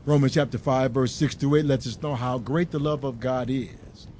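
A man reading a story aloud and turning it into a sermon, slow and deliberate with emphasis. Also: mid-range voice, steady tone, dark tone, slight background noise. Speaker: preacher.

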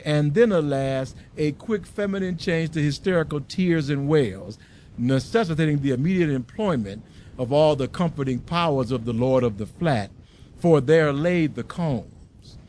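A man reading a story aloud and turning it into a sermon, slow and deliberate with emphasis. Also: fairly high pitch, a little mellow, a little hiss or hum. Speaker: preacher.

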